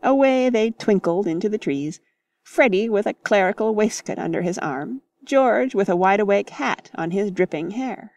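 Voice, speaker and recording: A woman narrating a classic novel in measured, lively storytelling. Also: medium pitch, no room sound. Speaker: audiobook narrator.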